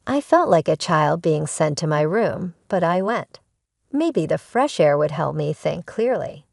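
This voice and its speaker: A woman's voice: sits low, very animated, a little slow, vocal fry, a little mellow, no room sound, clean studio sound. A woman narrating a first-person family drama story in an emotional, pointed way.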